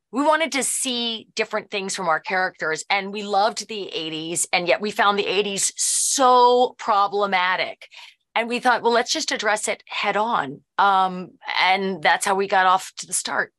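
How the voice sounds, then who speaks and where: A middle-aged woman being interviewed, an actress and producer chatting casually and animatedly, jumping into quoted voices. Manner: animated, lively, jumps into high quoted voices.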